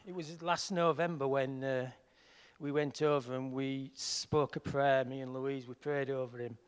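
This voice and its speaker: A man with a Yorkshire accent, a healing minister giving an earnest personal testimony, shifting between soft and emphatic. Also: mid-range voice, fairly even intonation, unhurried, clean tone, big-room sound.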